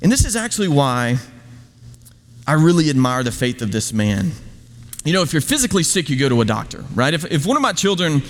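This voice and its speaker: Male pastor, sermon delivery, rhetorical and conversational, slightly high voice, long hall echo. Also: sing-song, brisk. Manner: rhetorical questions, emphatic, conversational asides.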